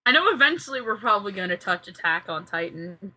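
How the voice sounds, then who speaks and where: Excitable young woman with husky brightness. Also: medium pitch, fast. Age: young adult. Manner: excitable, blunt, swearing. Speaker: podcast co-host. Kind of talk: casual chat.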